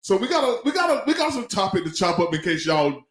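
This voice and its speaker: A man's voice: high voice, sing-song, fast, roomy sound, poor audio. A man co-hosting a live talk show, chatting loosely in slang and repeating his phrases. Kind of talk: casual live-stream chat.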